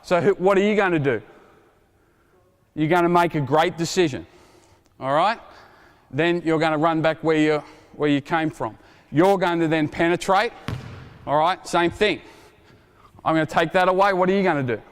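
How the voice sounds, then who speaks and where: Leading a clinic demonstration inside a reverberant gym, this energetic coach in his 40s jokes around and shouts out drill instructions while basketballs bounce nearby. He talks at a normal pace with plenty of pauses, in a voice on the high side.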